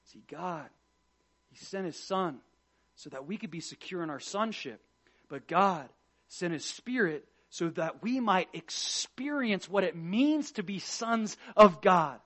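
High-voiced man preaching with fervor. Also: lively intonation, a little slow. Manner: passionate preaching that swings between loud emphasis and hushed tones; quotes scripture and acts out prayers. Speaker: pastor. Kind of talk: sermon.

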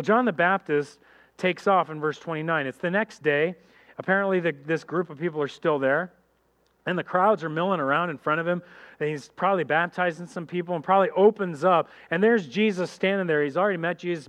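High-voiced animated preacher man. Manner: animated, acts out biblical characters in quick voices; addresses congregation directly as guys. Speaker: pastor. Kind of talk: sermon.

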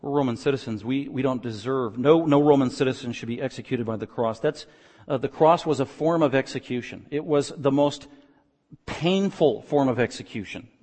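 A man preaching an expository sermon, moving from quiet, low explaining to loud, emphatic passages. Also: normal speed, long reverb tail. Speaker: pastor.

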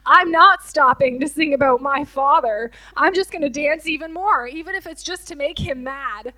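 A woman's voice: high-pitched, moderate pace, pushed and bright, low-quality recording. A woman worship leader giving an earnest, emotional personal testimony during a church service interview, with many fillers.

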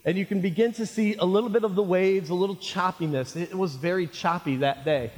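A male pastor preaching a sermon, animated and jokey, calling his listeners friends. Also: sits high, brisk. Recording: reverberant hall.

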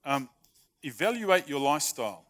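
A man's voice: a little high, big pitch swings, normal speed, fairly bright tone. A man preaching a sermon in a conversational, humorous way, acting out short everyday dialogues. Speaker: pastor.

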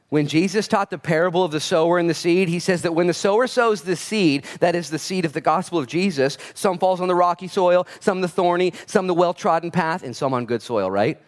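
A pastor delivers a relaxed, talky sermon with a fairly high-pitched male voice. He keeps it lively, slipping in jokes and acting out quick little voices of the people he describes. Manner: animated, acts out quoted voices, joking asides. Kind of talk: conversational sermon.

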